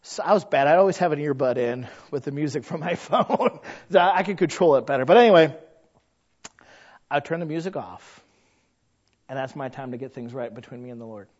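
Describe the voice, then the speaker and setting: A man's voice: on the high side, animated, a little fast, a little mellow. A man preaching a chatty sermon as pastor, folksy and conversational. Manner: folksy, chatty, acts out quoted voices. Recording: dull lo-fi recording.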